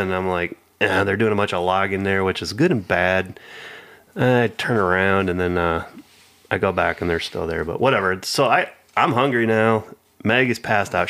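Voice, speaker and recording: A man with a somewhat low voice spins a loose, rambling story in casual conversation. He drifts from point to point and slips into other people's voices when he quotes them. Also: a bit bright.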